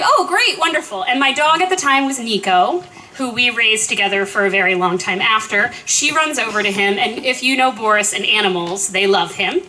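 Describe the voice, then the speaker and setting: Bright, chatty woman telling a story. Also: on the high side, low-quality recording. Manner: lively, chatty, self-deprecating storyteller. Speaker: eulogist. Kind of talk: personal story at a memorial.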